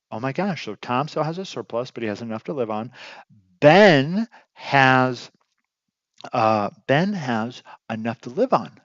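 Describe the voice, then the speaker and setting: Animated man telling a teaching story. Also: medium pitch, dry recording, lo-fi sound. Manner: animated storytelling, acting out characters, many fillers and restarts. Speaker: real estate investing teacher. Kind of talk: informal teaching lecture with a story.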